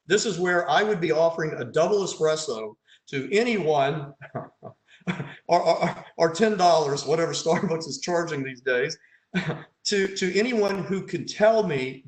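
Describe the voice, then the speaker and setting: A male pathologist with a slightly high voice teaches over slides and keeps quizzing his audience. He thinks aloud, throws in dry, sarcastic asides and hints at answers. His voice carries a roomy echo. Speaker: pathologist leading a case conference.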